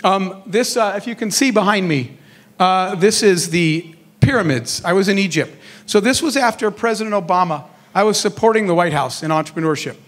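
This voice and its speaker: A middle-aged man with a notably high voice for a man delivers a motivational speech. He tells his stories in a lively way and plays out each exchange of dialogue. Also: normal speed. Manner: animated storyteller acting out dialogue. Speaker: keynote speaker on entrepreneurship.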